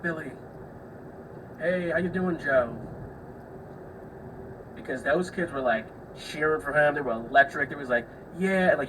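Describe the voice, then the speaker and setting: A young man hosts his own podcast, spinning casual stories and acting out the people in them, with the odd curse word. His voice sits at an everyday middle pitch. It sounds a little distant from the mic over a faint background hiss. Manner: chatty, swears freely, acts out the people in his stories. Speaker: podcast host. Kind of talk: casual solo storytelling.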